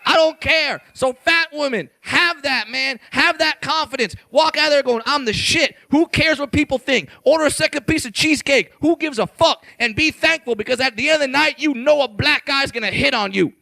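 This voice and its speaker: A man from California works a comedy stage with a high-pitched, gravelly voice. He is brash and profane, firing punchy, insistent lines. The sound is close and dry. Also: normal speed, hardly any pauses, pushed and bright, dry recording. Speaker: stand-up comedian. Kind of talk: stand-up routine.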